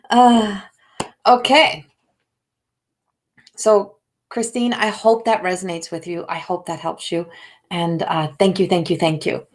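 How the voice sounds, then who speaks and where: An older woman hosting a live intuitive reading, talking in a rambling way with many fillers and calling viewers by name. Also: mid-range voice. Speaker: intuitive card reader.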